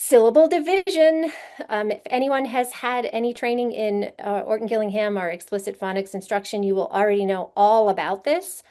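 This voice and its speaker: A woman's voice: on the high side, fairly even intonation, moderate pace, mellow. Woman presenting a literacy workshop. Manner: explanatory, asks rhetorical "right?" checks. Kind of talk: conference teaching session.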